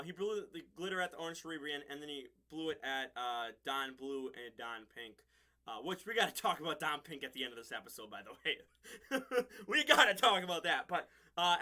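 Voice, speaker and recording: Recapping a TV episode, a man with a cutting, very bright, high voice gives an informal, loose review. He wanders off on tangents and laughs frequently as he goes.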